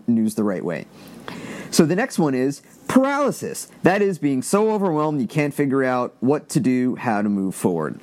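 A man's voice: mid-range voice, darkish tone. A man in casual commentary, reading quoted text aloud and adding blunt, exasperated asides with free swearing. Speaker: commentator reading an online thread.

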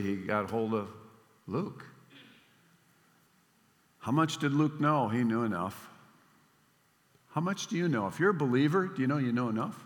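Older male preacher, bright voice, hall reverb. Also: a little high. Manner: storytelling, swings between emphatic and hushed. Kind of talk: sermon.

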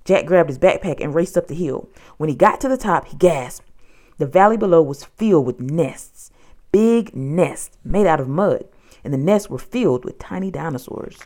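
A woman narrating a children's storybook in an expressive, dramatic way. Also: deep voice, moderate pace.

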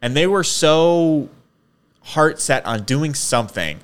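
Casting: man, podcast co-host, smooth resonant voice, casual explainer. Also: fairly high pitch, animated, slow. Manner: explains at length, storytelling, laughs easily. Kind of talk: casual chat.

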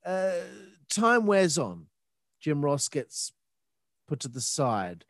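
A man's voice: a little high, wildly swooping pitch, slow, no echo, clean studio sound. A man in casual podcast chat, telling a story in a reflective way and trailing off mid-thought.

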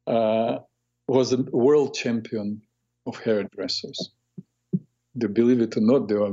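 A middle-aged man hosting a talk show on the mind, telling a reflective story in a halting way with many restarts. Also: mid-range voice, a little mellow, slightly rough. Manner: halting, with frequent restarts and self-corrections. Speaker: radio host, therapist. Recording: dull lo-fi radio audio.

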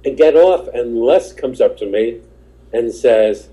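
A man's voice: mid-range voice, takes it slowly, dark tone, rough recording. A male stand-up comedian, a podcast guest, telling rambling anecdotes in casual chat and acting out the voices of the people in them. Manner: rambling, acts out quoted voices.

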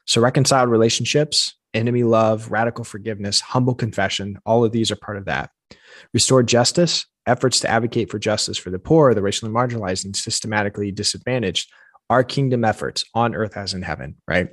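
Man, faith podcast co-host, earnest reflective talk, low voice, dry close sound. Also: quick pace, no room sound. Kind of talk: casual faith podcast discussion.

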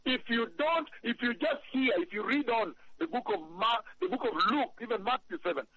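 A man preaching a sermon, emphatic and repetitive, reading scripture slowly. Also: extremely high pitch, animated, sharp tone, dull audio. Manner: emphatic, repeats phrases, reads scripture slowly.

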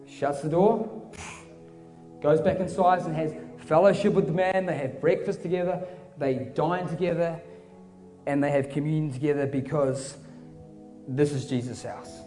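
Fervent, casual preacher. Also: male voice, fairly high pitch, steady tone, normal speed, pauses often. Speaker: pastor. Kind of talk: sermon. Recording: reverberant hall with soft music.

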